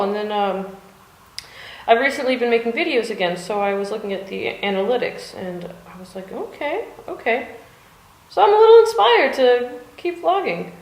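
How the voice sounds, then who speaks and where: A woman from the United States chatting casually and rambling in her art studio, with lots of fillers and the odd swear word. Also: on the high side. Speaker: vlogger. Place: cold home art studio. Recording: echoey room.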